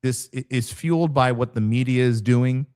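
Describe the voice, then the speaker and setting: A man's voice: mid-range voice, normal speed, darkish tone, clear, resonant tone. A man hosting a podcast in casual conversation, telling stories with animation and acting out the voices of people he quotes. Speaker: podcast host, former police officer.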